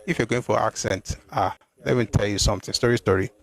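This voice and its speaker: Man, fairly low pitch, live-stream host, animated, exclamatory, reads out viewer comments. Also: fast talker, vocal fry, breathy edge. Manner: animated, exclamatory, restarts and repeats phrases.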